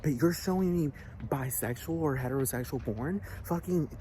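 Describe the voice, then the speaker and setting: A man's voice: medium pitch, normal speed, dark tone, a little hiss or hum. A man delivering a heated, profane rant, repeating himself and asking again and again if the listener understands. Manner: agitated, repetitive, profane, keeps asking "do you understand". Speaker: vlogger.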